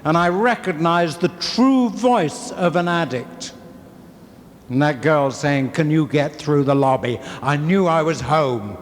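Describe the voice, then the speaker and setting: A man's voice: fairly high pitch, lively intonation, a little slow. An English man giving a candid, wry recovery talk at a convention, in a storytelling manner. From England. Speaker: convention speaker. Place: convention hall. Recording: hall reverb, faint ambience, 1980s convention tape.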